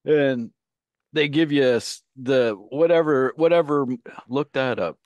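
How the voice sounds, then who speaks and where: A man's voice: mid-range voice, slow pace, darkish tone, dry recording, highs cut off. A man co-hosting a radio show, telling long rambling anecdotes in casual banter and laughing at his own stories.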